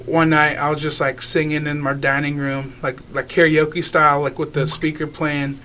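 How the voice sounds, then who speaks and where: A man's voice: on the high side, little pitch movement, moderate pace, sharp tone, a little hiss or hum. A young man, a guest singer, talking casually in a radio interview, rambling with lots of filler words and easy laughs. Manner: rambling, many filler likes, laughs easily.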